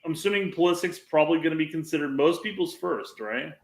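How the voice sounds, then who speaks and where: A man with a slightly high voice, co-hosting a soccer podcast from an echoey room. He asks questions and passes along what viewers are saying. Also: fast, gravelly, over a noisy crowd. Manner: questioning, relays audience comments. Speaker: podcast co-host. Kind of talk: casual soccer chat.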